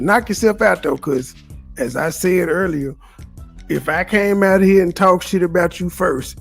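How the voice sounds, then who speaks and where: A man's voice: fairly high pitch, gravelly, breathy edge. A man live-streaming commentary on clips in a wry, mocking, argumentative way.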